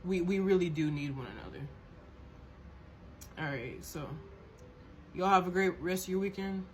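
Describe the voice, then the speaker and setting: A woman's voice: lowish voice, normal speed, a little mellow, a little hiss or hum. A woman hosting a podcast, ranting in a heated, profane monologue and often repeating and restarting words as she gets worked up. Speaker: podcast host.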